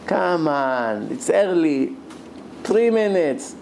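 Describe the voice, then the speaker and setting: A man voicing a stubborn old man who keeps pushing for more and grows angry, with a gravelly edge. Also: fairly high pitch, big pitch swings, drawn-out words, a little mellow, slight background noise, heavily acted, poor audio. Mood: insistent. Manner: insistent, complaining, later furious.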